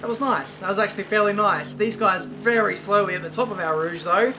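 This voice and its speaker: A young man giving casual, self-mocking commentary while playing a racing game. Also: sits high. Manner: chatty, self-mocking, quick exclamations. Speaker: gaming YouTuber. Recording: game audio and engine noise behind.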